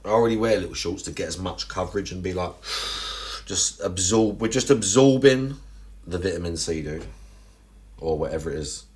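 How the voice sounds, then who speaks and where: A man's voice: sits low, moderate pace, darkish tone. A young man chatting casually on a livestream, rambling and crude, with lots of restarts and self-mocking asides.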